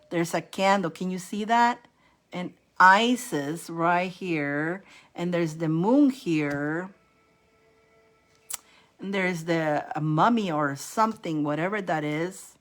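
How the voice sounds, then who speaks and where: A woman's voice: lowish voice, slow. Chatty woman doing spiritual readings. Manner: chatty and animated, repeats herself, laughs often. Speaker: host giving psychic readings. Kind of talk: casual live-stream spiritual reading.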